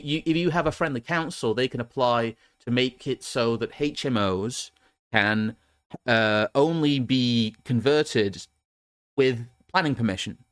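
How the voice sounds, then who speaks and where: A man's voice: medium pitch, a bit bright, no room sound. Chatty English man, dry close sound. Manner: rambling, laughs often, many restarts. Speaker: podcast host. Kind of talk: casual political chat.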